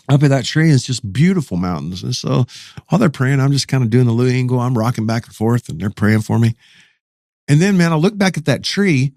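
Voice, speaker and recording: A man's voice: mid-range voice, dry recording, clean studio sound. A middle-aged man, a pastor, telling a story in casual, slangy podcast talk.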